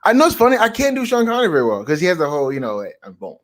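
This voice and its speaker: A man co-hosting a casual live-streamed chat, rambling and animated with frequent restarts. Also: sits high, rapid-fire. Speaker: podcast co-host.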